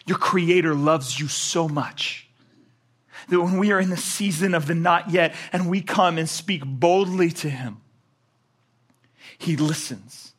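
Guy preaching a sermon, high bright voice, goes big then gets real quiet. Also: measured pace. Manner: animated, swinging from loud emphatic to low quiet. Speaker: pastor.

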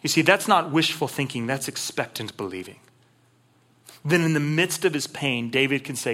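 Impassioned preacher man, bright voice. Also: medium pitch, lively intonation, normal speed. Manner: impassioned, swings from hushed to emphatic; acts out prayers in first person. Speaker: pastor. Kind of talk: sermon.

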